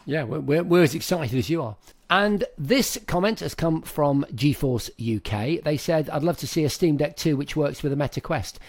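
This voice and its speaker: A man's voice: a little high, lively intonation, normal speed, a little mellow. A man co-hosting a tech podcast, speaking like an enthusiastic presenter. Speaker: podcast co-host. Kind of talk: casual chat.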